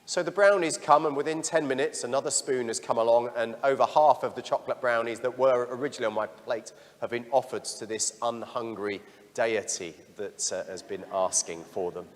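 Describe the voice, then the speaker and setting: A middle-aged parish priest giving a sermon, telling stories about himself in a candid, self-deprecating way. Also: male voice, medium pitch, a little fast, long reverb tail. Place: church.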